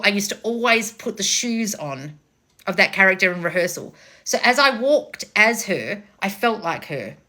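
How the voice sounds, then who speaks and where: A woman's voice: mid-range voice, bright, forceful tone. A woman giving a blunt, casual motivational talk, swearing freely as she coaches viewers. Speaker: manifestation coach.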